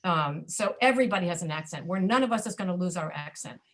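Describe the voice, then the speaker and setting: A woman's voice: fairly low pitch, lively intonation, fast talker. A woman teaching a pronunciation class over a video call, explaining patiently and checking in with her students. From Florida, USA.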